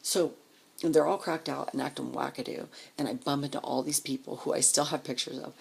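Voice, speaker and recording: Low, gravelly-voiced woman telling a story. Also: a little fast. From Denver area, US. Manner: profane, animated, acts out quoted voices, drops to whispers. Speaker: vlogger. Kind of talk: casual storytelling.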